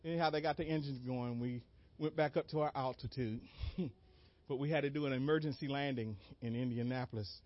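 A man preaching a sermon as an animated story, acting out moments with sudden shouted cries and laughing along. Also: medium pitch, fairly quick. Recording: dull lo-fi dry recording.

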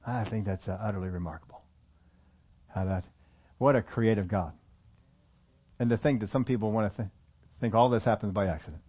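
A man's voice: on the low side, brisk, pauses often, husky. A man preaching a sermon in a conversational way, often asking his listeners questions. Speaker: pastor. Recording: muffled lo-fi recording.

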